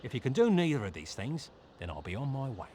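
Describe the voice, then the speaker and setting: A man's voice: mid-range voice, very animated, quick pace, warm tone, slight background noise, natural voice. An actor playing a snarky, greedy male bard anti-hero in a video game, with dry, mocking quips. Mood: sardonic.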